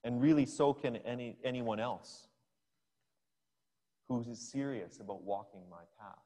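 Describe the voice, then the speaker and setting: Slow-speaking male preacher in a hall. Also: medium pitch, mellow. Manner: storytelling, unhurried, pictures scenes for listeners. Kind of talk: sermon. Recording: long hall reverb.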